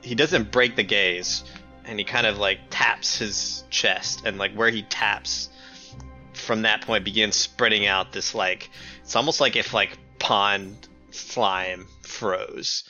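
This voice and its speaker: A man playing a tabletop game, describing his character's actions slowly and searching for words. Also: fairly low pitch, steady tone, pushed and bright, highs cut off, faint music behind. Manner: slow, searching, lots of "like". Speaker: player.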